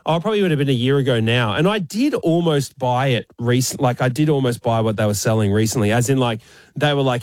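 An Australian man co-hosting a casual chat show, lively and quick to laugh. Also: medium pitch, no room sound, studio quality. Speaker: co-host.

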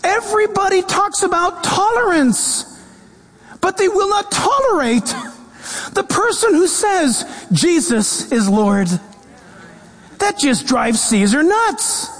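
High-voiced preaching man in a reverberant hall. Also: takes it slowly. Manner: animated preaching with quoted voices and humor. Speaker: pastor. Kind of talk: sermon. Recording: long reverb of a large hall.

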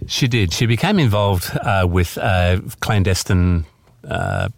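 A man with a low voice reads his own novel in measured narration, then talks about it. In conversation he hesitates often with ums. The recording is dry and close. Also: lively intonation, creaky, dry recording. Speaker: author reading his book. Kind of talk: reading aloud then interview answers.

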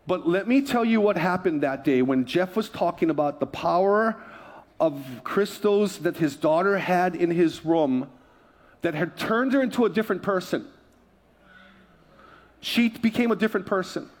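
A pastor with a fairly high voice preaches from a church stage. He tells his story in a loose, conversational way, full of asides and quick laughs. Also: animated. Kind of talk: sermon. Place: church sanctuary.

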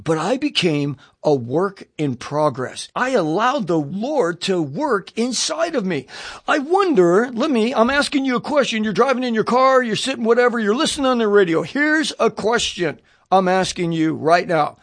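Male preacher, high-pitched, dry close recording; lively testimony storyteller who addresses the listener head-on. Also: moderate pace, no echo. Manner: animated storyteller voicing his own thoughts; direct, questioning the listener. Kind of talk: radio sermon testimony.

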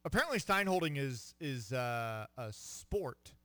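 A man co-hosting a sports radio show, reading odd trivia aloud in a deadpan way and stumbling over foreign words. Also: mid-range voice, a little slow, no room sound. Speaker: radio co-host. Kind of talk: casual sports radio banter.

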